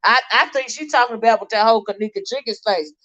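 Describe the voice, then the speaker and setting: A woman's voice: on the high side, a bit bright. A woman hosting a casual livestream commentary, talking straight to her viewers. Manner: chatty, talks straight to viewers, halting restarts while reading posts aloud. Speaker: livestream host. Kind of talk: casual commentary on a crime case. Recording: slightly dull lo-fi stream audio.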